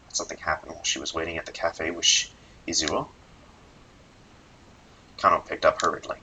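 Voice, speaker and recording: A man reading a visual novel's narration aloud in an expressive way, then chatting casually. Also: rumbling low, a little fast, long pauses, a little hiss or hum, rough recording. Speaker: let's play narrator.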